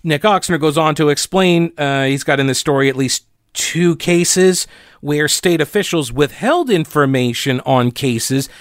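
A man's voice: on the high side, a little slow, no room sound, studio quality. A male radio talk show host from North Carolina, chatty and sarcastic, full of fillers and restarts. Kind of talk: casual political commentary.

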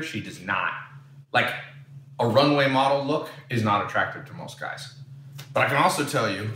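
A man's voice: fairly low pitch, fairly bright tone, roomy sound, distant mic, a little hiss or hum. A man from San Diego telling blunt, rambling stories as a podcast host in casual chat. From San Diego, USA.

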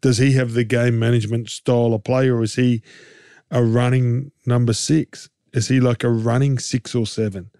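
An Australian man in a casual sports chat, talking in a middle-pitched voice that jumps up high when he gets going. He rambles and jokes with restarts and rhetorical questions. The recording is dry and close, with no room sound. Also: moderate pace, clean tone, no room sound. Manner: animated, jokey, rambling with restarts. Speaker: co-host and game commentator.

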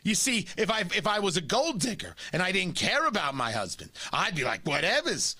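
A man's voice: high voice, sing-song, brisk, bright, forceful tone, breathy edge, dry recording, heavily acted. A man putting on a brash, defiant young woman. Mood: indignant. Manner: mocking, exaggerated retelling.

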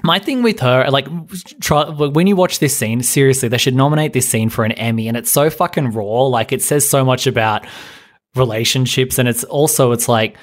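A man with a mid-range voice hosts a podcast at a moderate pace, chatting casually. He rambles and swears, retelling scenes with animation and doing quoted voices.

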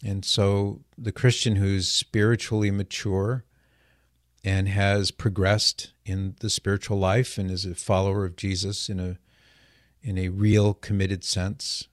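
A man's voice: low-pitched, flat delivery, unhurried, no echo, clean studio sound. A man hosting a call-in radio show, explaining things in an earnest, patient way.

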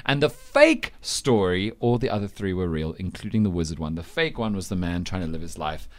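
A man's voice: deep voice, expressive, fairly quick. A man hosting a breakfast radio show, running a news quiz and teasing his co-hosts in casual chat. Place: radio studio.

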